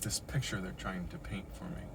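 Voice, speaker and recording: A man's voice: low voice, fairly even intonation, brisk, vocal fry, noisy background. Shaken middle-aged man venting in his car. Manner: agitated, repetitive, swearing. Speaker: vlogger recounting an encounter. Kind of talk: agitated first-person account. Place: inside a parked car in a parking lot.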